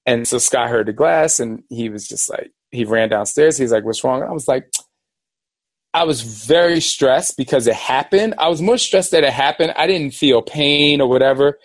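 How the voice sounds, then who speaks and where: A man hosting a podcast, telling a personal story in a rambling, animated way and acting out the voices of people in it. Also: medium pitch, moderate pace, no echo. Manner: animated, rambling, acts out quoted dialogue. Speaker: podcast host. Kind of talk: casual storytelling.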